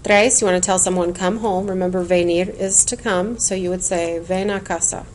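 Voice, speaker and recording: A woman teaching Spanish in a recorded lesson, explaining clearly and patiently and chanting word lists in a sing-song rhythm. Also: lowish voice, fairly even intonation, moderate pace, darkish tone, slight background noise.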